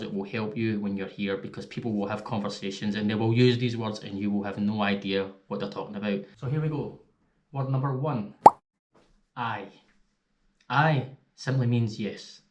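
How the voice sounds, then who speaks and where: A Scottish man vlogging at home, casually explaining slang in a chatty, easygoing way. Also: lowish voice. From Scotland. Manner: chatty, easygoing, laughs at his own examples. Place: indoors at home.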